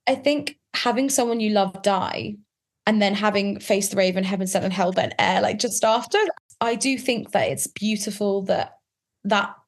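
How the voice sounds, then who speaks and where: A woman's voice: medium pitch, normal speed. A woman guest on a podcast, chatting casually in an emotional, rambling way full of "like". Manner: emotional, rambling, heavy use of "like". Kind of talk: casual chat.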